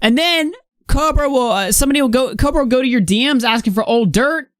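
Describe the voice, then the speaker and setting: A woman's voice: high voice, animated, fast talker, dry recording, clean studio sound. A young woman in her late teens hosting a live online commentary stream, reading posts aloud and ranting bluntly with plenty of swearing.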